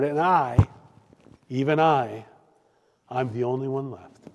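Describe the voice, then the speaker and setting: A pastor preaching a sermon, swinging between loud declaiming and hushed, drawn-out emphasis. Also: male voice, mid-range voice, in a large hall.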